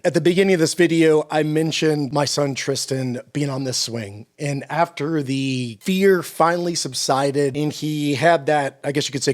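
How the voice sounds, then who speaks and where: A middle-aged man giving an earnest sermon-style encouragement talk, repeating his points with emphasis. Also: on the high side. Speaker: Christian encouragement speaker.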